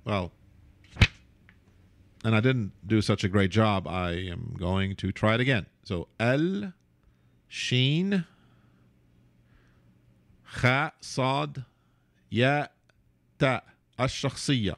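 Playful male teacher, slow and lively, dry close sound. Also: vocal fry, no room sound. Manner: playful, self-mocking, lively pitch. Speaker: Arabic calligraphy teacher. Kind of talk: relaxed teaching with asides.

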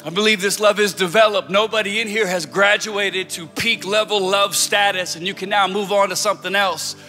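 A man preaching a sermon as a pastor, telling stories casually, then building to loud, fervent prayer. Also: high-pitched, fairly even intonation, normal speed. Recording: music and long hall reverb.

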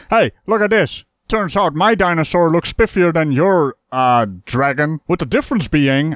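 A male host tears into a video in sarcastic commentary, chuckling scornfully as he goes. His voice sits a little high and swings widely in pitch. The sound is dry and close. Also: no room sound.

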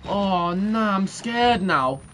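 A man's voice: high-pitched, lively intonation, takes it slowly, a bit bright, slight background noise. A young British man commentating a horror game, swearing a lot and jumping at scares. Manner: jumpy, swearing, crude jokes. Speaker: gaming streamer.

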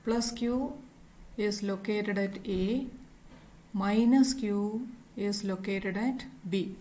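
A woman's voice: mid-range voice, dark tone, poor audio. A woman teaching physics, explaining a derivation step by step and spelling out each term and symbol. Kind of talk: slow, step-by-step lecture.

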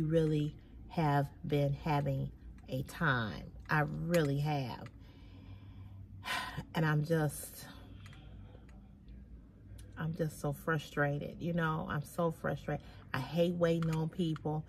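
A middle-aged woman with a low voice chats straight to her viewers in a casual vlog. She sounds worn out, lets out heavy sighs and keeps repeating herself for emphasis. A faint ambient hum sits behind her. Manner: weary, venting, with frequent heavy sighs. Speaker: fashion vlogger. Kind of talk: casual chat to camera.

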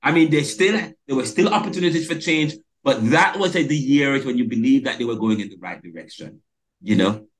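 A man's voice: medium pitch, a little fast. A man hosting a podcast interview, who talks emphatically and stumbles and restarts his words. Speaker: podcast host.

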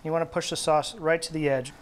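A man working as a test cook, giving a steady, step-by-step cooking demonstration in a test kitchen studio. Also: a little high, fast. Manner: steady, instructive, explaining each step.

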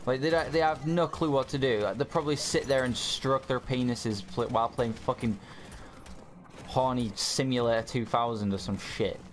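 Frustrated young gamer ranting. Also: male voice, medium pitch, moderate pace, slight background noise. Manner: frustrated, swearing, ranting at teammates. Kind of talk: live gameplay commentary.

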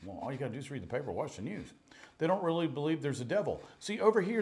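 A middle-aged man preaching a sermon, telling stories in an animated way, swinging between loud and hushed. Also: on the high side, quick pace. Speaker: pastor. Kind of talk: storytelling sermon.

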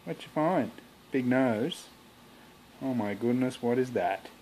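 A woman with an unusually deep voice murmurs soft, cooing baby talk to a little animal. It sounds like a casual home video recorded on a camera mic. A faint room hum sits in the background. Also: animated, slow pace, rough recording. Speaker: animal carer filming a baby wombat.

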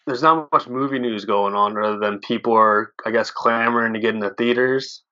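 Bright-voiced podcast host, lo-fi. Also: male voice, on the low side, fairly even intonation, a little fast. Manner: laid-back, swears freely. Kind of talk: casual chat. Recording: dull lo-fi sound.

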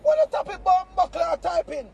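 High-pitched Jamaican man ranting loudly. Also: sing-song, normal speed, creaky, a little hiss or hum. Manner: taunting, loud and profane, bursts into shouts. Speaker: live streamer. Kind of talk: heated live-stream rant.

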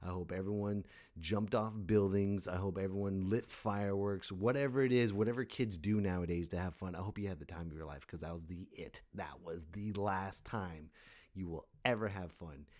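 A man's voice: sits low, fairly even intonation, moderate pace, darkish tone. A man hosting a comedy podcast, delivering a sarcastic, exasperated rant and laughing at his own jokes. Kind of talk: stand-up style comic rant.

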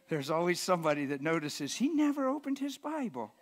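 A man preaching a live sermon in a church, emphatic, often dropping to a hushed whisper. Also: sits high. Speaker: pastor.

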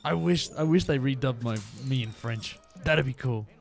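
An adult man chatting excitedly to viewers as he wraps up a live game stream, peppering his talk with "like". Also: medium pitch, normal speed, gravelly, faint music behind. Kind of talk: live-stream casual chat.

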